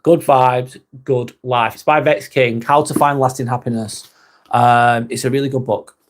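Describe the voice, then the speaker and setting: A man's voice: medium pitch, steady tone, moderate pace. A man hosting a casual live vlog, reading viewer comments aloud and chatting with them, swearing casually. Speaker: live stream host reading chat.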